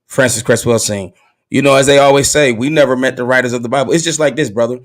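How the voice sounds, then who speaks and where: A man's voice: medium pitch, quick pace. Laid-back man hosting from a car. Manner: laid-back, candid, uses slang. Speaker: podcast host. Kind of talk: casual conversation.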